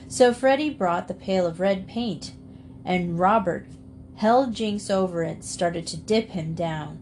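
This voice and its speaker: A woman reading a children's storybook aloud in a calm, measured way. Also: lowish voice, slight background noise. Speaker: storybook reader.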